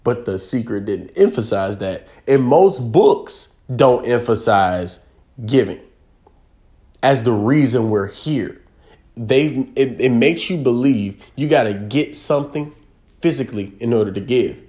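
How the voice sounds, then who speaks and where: A man's voice: medium pitch, lively intonation, unhurried, mellow. A man giving a spiritual talk, emphatic and repetitive, often checking whether the listener follows.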